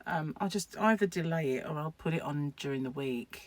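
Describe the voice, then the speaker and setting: A woman's voice: low-pitched, fairly quick, no room sound. A woman chatting casually to camera at home, rambling and laughing at her own asides. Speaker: crochet vlogger.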